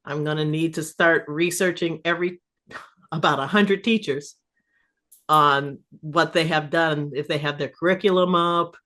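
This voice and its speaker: Animated middle-aged woman storyteller. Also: low voice, moderate pace. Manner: animated storyteller, laughs and swears freely. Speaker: improv festival curator, guest. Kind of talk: casual podcast interview storytelling.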